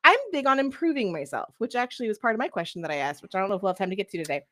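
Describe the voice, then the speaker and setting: A woman's voice: mid-range voice, animated, racing, sharp tone. A young woman chatting animatedly as a podcast co-host and game master, laughing often. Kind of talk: casual chat.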